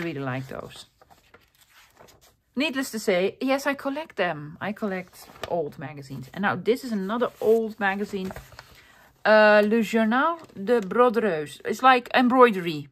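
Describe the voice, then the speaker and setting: A woman chatting through a show-and-tell of her vintage finds. She sounds enthusiastic and rambles a little, full of ums, restarts and little exclamations, with a mid-range voice. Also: medium pitch. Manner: enthusiastic, rambling, with many fillers and self-corrections. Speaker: vlogger showing a thrift haul.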